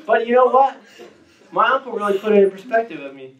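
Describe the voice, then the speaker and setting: Teenage man, casual joking testimony, high voice, roomy hall, distant mic. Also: very animated, fast talker, muffled recording. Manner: casual, joking, self-deprecating. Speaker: student giving testimony. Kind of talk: personal testimony to a youth group. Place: church youth hall, indoors.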